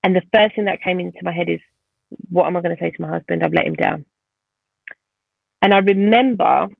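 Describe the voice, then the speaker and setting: Gravelly woman on a tinny line. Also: lowish voice, no echo. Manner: vivid, animated retelling of a painful event. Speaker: podcast guest. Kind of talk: personal storytelling in conversation.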